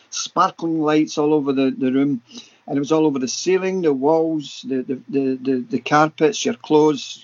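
A man's voice: a little high, darkish tone, highs cut off. A Scottish man in his sixties, a podcast guest telling paranormal stories with enthusiasm and vivid repetition. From Scotland. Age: 60s. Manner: enthusiastic, vivid, repeats words for emphasis. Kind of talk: animated anecdotal storytelling.

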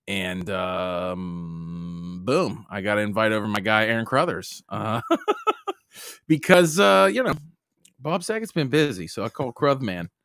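A man's voice: fairly low pitch, animated, a little slow, a bit bright, smooth, dry recording, clean studio sound. A man hosting a casual podcast from home, loose and jokey, saying "dude" all the time. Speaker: podcast host.

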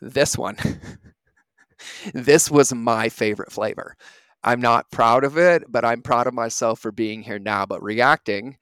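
A man's voice: medium pitch, fairly bright tone, smooth, dry recording. A man in his thirties, a podcast host, giving an earnest, reflective motivational talk and often asking "right?".

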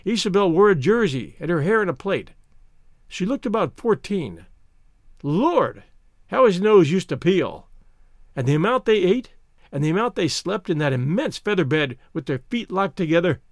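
Expressive male storyteller, high voice. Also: moderate pace, no room sound, clean studio sound. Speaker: narrator. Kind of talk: scripted story narration.

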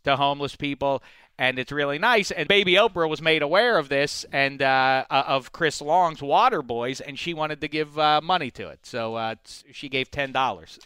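A man's voice: fairly high pitch, moderate pace, sharp tone, clean tone, no echo, clean studio sound. A man in his forties from the Pittsburgh area with a faint Pittsburgh accent, hosting sports radio in a rambling, jokey way. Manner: rambling, jokey, many restarts. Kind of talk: casual radio banter.

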